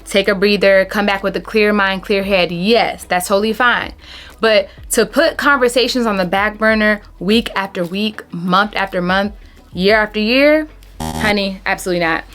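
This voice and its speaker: A woman in her thirties talking casually to camera, giving relationship advice in an animated, emphatic way and calling her viewers honey. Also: medium pitch.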